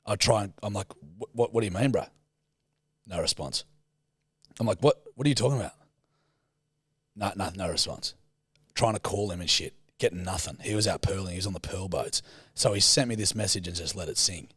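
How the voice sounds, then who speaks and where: A man's voice: sits low, brisk, a bit bright, breathy edge, no room sound. A man co-hosting a podcast, telling a story in a loose, sweary, laughing way. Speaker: podcast co-host. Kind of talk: casual chat and storytelling.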